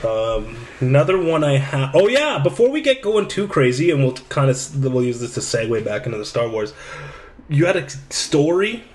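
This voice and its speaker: Laid-back man hosting a casual chat. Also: medium pitch. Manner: relaxed, rambling, quick to laugh. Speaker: podcast host.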